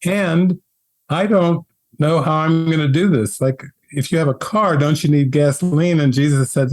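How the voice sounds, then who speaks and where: A man and spiritual teacher telling his story in an interview, earnest and animated, often laughing. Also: fairly high pitch, normal speed.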